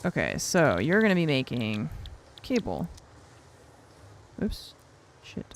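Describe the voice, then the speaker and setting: A young woman with a low, sing-song voice streams a factory-building game at a slow pace, with slight background noise. She thinks aloud in casual commentary, getting flustered as she juggles numbers and poking fun at herself.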